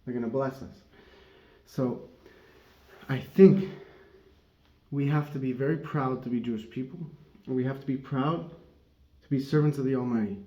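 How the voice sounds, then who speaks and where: A man's voice: mid-range voice, steady tone, normal speed, long pauses, dark tone. A man giving a casual Torah teaching, who rambles, corrects himself and laughs often. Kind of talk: casual religious teaching talk. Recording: dull, roomy recording.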